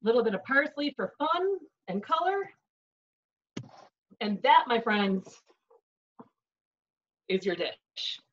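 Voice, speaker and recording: Teaching a cooking demonstration from her home kitchen, this Chicago-accented woman speaks slowly with frequent pauses, her fairly high voice very animated. She's a chatty instructor who narrates each step, often saying "um" and "right?" Recorded from afar, the clip has its highs cut off.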